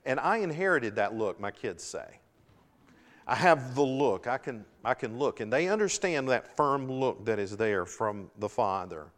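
Middle-aged pastor preaching in a reverberant sanctuary. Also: male voice, mid-range voice, lively intonation. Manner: earnest preaching with swells of emphasis and dramatic pauses. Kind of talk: sermon. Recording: long hall reverb.

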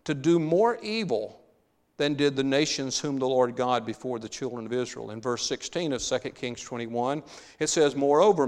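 A man's voice: mid-range voice, moderate pace, long reverb tail. A man preaching a sermon, reading scripture aloud with emphasis and then paraphrasing it in a conversational way.

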